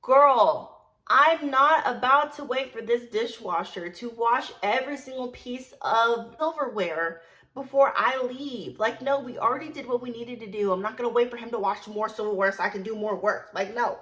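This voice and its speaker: A young woman telling a casual storytime vlog about her serving job, animated, blunt and full of swearing and emphatic repetition. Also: on the high side, moderate pace. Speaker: storyteller recounting her work as a server.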